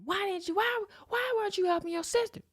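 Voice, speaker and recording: A woman voicing her angry mother, who yells and scolds her kids in a shrill, high voice. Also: a little fast, dry recording, studio quality. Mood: angry scolding. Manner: shrill, yelling.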